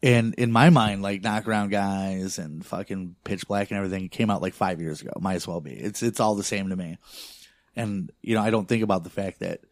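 Male, young adult, low-ish pitch, dry close mic; loose profane storyteller full of fillers. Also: fairly even intonation, brisk, no room sound. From not from a big city. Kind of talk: casual chat.

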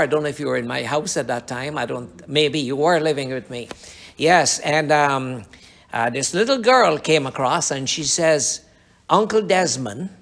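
A man's voice: a little high, creaky, a bit bright. A man preaching a sermon, telling a rambling personal testimony with repetitions and restarts. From Guyana. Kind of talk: sermon storytelling.

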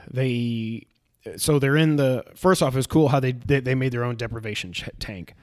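A man's voice: mid-range voice, normal speed. A man in casual chat, recapping a show and acting out its scenes in a raised voice. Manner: animated retelling, acts out scenes in a raised voice.

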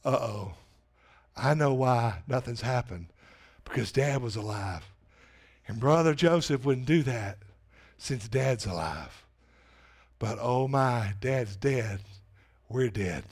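A man voicing a group of frightened, guilty grown brothers in low, hushed, fretful muttering. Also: lively intonation, takes it slowly, long pauses, breathy edge. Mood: fearful.

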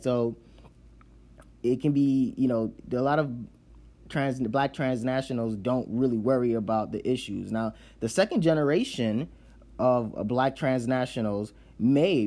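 A man's voice: mid-range voice, warm tone. A man from Nigeria giving a casual explanatory talk, often checking in with "right?" and restarting his sentences. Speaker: speaker on immigrant identity.

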